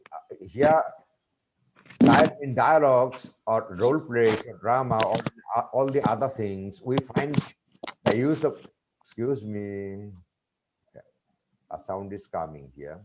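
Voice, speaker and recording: A man giving a webinar lecture on teaching vocabulary, speaking deliberately and spelling out words letter by letter. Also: mid-range voice, darkish tone. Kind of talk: lecture presentation.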